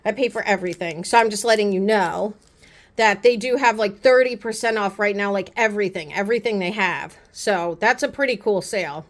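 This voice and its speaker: A woman vlogger chatting casually to the camera, gushing and rambling with quick asides. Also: mid-range voice. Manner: chatty and gushing, repeats "pretty" often. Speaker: beauty vlogger. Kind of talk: casual haul chat to camera.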